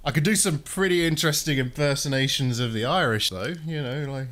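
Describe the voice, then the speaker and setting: A man with a regional British accent talks in a relaxed live-stream way, chatty and unhurried. His voice sits in an ordinary middle register. He coaxes himself under his breath through careful hands-on work. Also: mid-range voice. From United Kingdom. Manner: chatty, mutters coaxingly to himself while working. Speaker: streamer doing console repairs. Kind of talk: casual live-stream chat.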